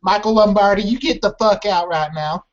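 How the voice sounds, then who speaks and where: A man's voice: high voice, normal speed, close to an everyday voice. A man voicing a blustering, bossy rich male team owner in a comedy podcast sketch. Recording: dull lo-fi podcast audio.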